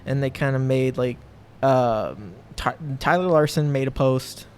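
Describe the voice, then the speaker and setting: A man's voice: medium pitch, measured pace, darkish tone, a little hiss or hum. A young man, a professional fighter, talking casually on a podcast in a rambling way, full of fillers and restarts. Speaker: guest, professional MMA fighter.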